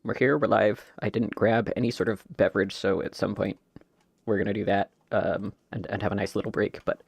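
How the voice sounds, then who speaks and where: A man's voice: fairly low pitch, fairly even intonation, fairly quick, gravelly, husky, no echo. A man chatting casually and jokingly while live-streaming a video game. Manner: chatty, jokey, talks to his pet.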